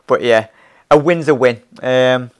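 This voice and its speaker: Young man, casual live chat, rambling, laughing, mid pitch. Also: slow, smooth. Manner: rambling, laughs often, many restarts, calls viewers fella and mate. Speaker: fan channel host. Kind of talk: casual live-stream chat reading viewer comments.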